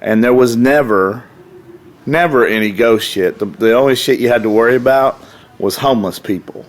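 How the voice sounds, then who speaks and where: A man's voice: medium pitch, normal speed. A middle-aged man, a podcast guest telling rowdy, profane stories in a casual way. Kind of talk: casual storytelling.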